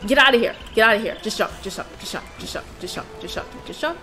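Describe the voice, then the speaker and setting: A woman giving excitable let's play commentary as host of a gaming channel, with loud outbursts and swearing. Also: on the high side, fast talker, faint music behind.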